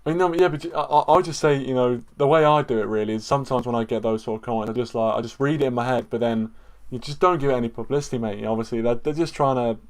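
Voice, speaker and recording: A man's voice: mid-range voice, quick pace. A man from England co-hosting a casual football stream, stammering on restarts, calling people mate and repeating his points. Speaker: football podcast co-host. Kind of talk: casual live-stream chat.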